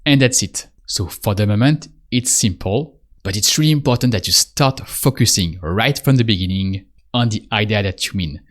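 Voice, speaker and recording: A man giving a spoken language lesson, patiently repeating prompts and pausing for the listener to answer. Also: lowish voice, fairly bright tone. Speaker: French teacher.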